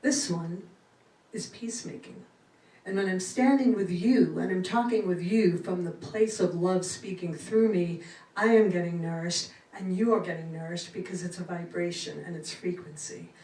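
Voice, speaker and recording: A middle-aged woman giving a spiritual talk to a congregation with a lively, laughing cadence. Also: lowish voice, normal speed. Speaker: inspirational speaker. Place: church sanctuary. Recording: roomy hall from far off.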